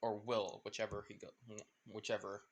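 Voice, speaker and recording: A man's voice: lowish voice, flat delivery, normal speed. A man casually retelling a fan story, rambling with many fillers and losing track of names.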